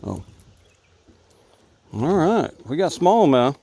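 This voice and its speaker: A man's voice: on the high side, big pitch swings, slow pace, creaky, a little hiss or hum. A man, chatting to the fish he catches while out on a creek in a boat, recorded on an action camera. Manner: chats softly to the fish he catches. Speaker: fishing vlogger. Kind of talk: casual narration while fishing. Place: small creek outdoors, in a boat. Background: crickets and insects.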